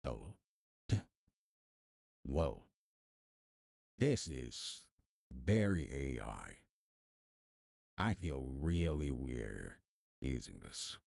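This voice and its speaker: A man speaking through an AI voice changer that turns him into a deep male narrator voice, chatting casually and fumbling over his words. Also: big pitch swings, very slow, vocal fry, long pauses, darkish tone, big-room sound, exaggerated voice. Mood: amused. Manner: self-mocking, amused, fumbling over words. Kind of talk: casual live-stream chat.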